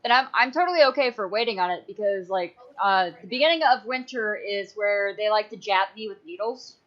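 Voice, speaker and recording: A woman's voice: mid-range voice, brisk. A woman hosting a casual podcast chat, rambling and swearing offhandedly. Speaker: podcast host. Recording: muffled lo-fi audio.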